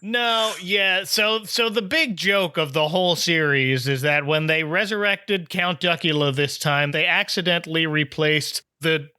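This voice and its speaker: A man's high, animated voice recapping a cartoon plot in casual chat, sharp and bright in tone. It sounds close and dry, with no room around it. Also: clean tone, no room sound. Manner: lively plot recaps with quick impressions. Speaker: podcast host.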